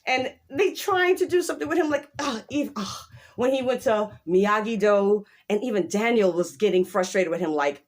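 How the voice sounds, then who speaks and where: Animated woman recapping a show. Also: mid-range voice. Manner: animated, acts out characters in quick quoted voices; laughs often, emphatic. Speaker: show reviewer. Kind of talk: casual recap chat.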